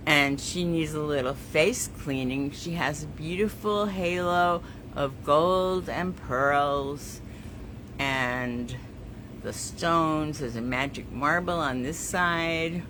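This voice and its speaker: A woman's voice: low-pitched, slow pace, background noise. A woman artist hosting her own weekly show, chatting casually and effusively as she shows her work, with rambling asides. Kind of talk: casual live show-and-tell.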